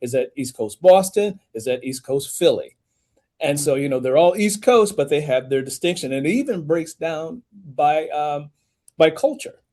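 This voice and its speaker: Talking at a normal speed, a US man who writes books and narrates audiobooks is a guest on a podcast interview. He's animated, and his pitch climbs emphatically as he drives home each point.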